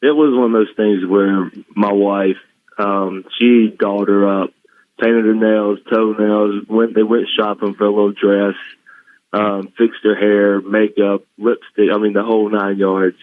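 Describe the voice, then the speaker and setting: A man's voice: lowish voice, flat delivery, unhurried, dry recording. A man from the American South, a guest telling family stories in casual chat, often laughing. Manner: emotional storytelling with laughs. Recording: dull lo-fi line.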